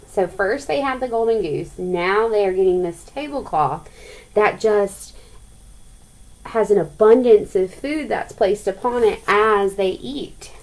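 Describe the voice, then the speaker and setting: A woman teacher reading a folk tale aloud, her voice at an ordinary middle pitch. She breaks off now and then to chat with her students and pose questions in a relaxed, conversational way. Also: measured pace, low-quality recording. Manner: chatty, asks the listeners questions.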